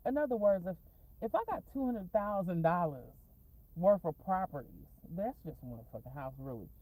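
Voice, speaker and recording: A woman's voice: fairly low pitch, expressive, normal speed, warm tone, no room sound, poor audio. A woman talking casually in a rambling, profane storytime vlog, going off on tangents and laughing often. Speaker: vlogger. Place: in a parked car.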